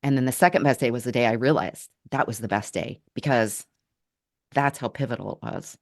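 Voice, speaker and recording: Very low-voiced earnest woman storyteller. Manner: earnest, halting, with restarts. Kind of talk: reflective personal storytelling. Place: Portland area, Oregon.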